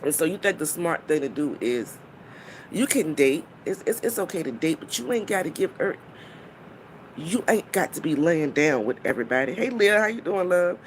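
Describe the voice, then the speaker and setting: On her live stream, a woman rants bluntly and profanely, her pitch swinging widely as she mocks and scolds at a moderate, expressive pace. She occasionally pauses to greet people in the chat before diving right back into her point, with slight noise in the background.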